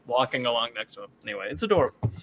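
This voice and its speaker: A man co-hosting a casual comic book podcast, animated and profane, acting out characters' lines for laughs. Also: medium pitch, racing, a little hiss or hum. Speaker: podcast co-host.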